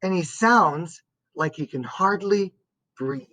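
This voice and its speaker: A woman reading a first-person story aloud as an audiobook narrator, in a slow and expressive way. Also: lowish voice, rough recording.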